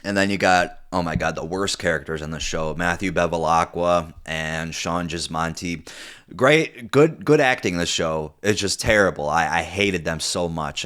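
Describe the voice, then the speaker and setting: Deep-voiced rambling profane young man. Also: fairly bright tone, smooth. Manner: rambling, profane, many fillers and restarts. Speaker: TV show reviewer. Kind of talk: casual unscripted commentary.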